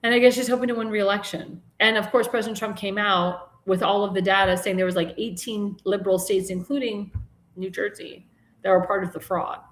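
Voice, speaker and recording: A woman's voice: mid-range voice, steady tone, a little fast. Chatty woman host, roomy sound. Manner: chatty, rambling, many fillers and restarts; indignant, scolding. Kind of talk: casual political talk show commentary. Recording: roomy echo.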